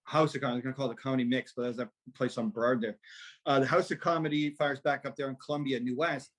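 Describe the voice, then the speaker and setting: A man co-hosting a casual comedy podcast, jokey and quick to laugh along. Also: mid-range voice, fairly even intonation. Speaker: co-host.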